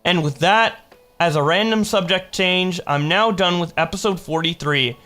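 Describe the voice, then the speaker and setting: A man's voice: high-pitched, moderate pace, bright, forceful tone. Sarcastic young man reading chat logs. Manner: sarcastic, reads messages aloud in put-on voices. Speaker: commentary YouTuber. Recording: faint music behind.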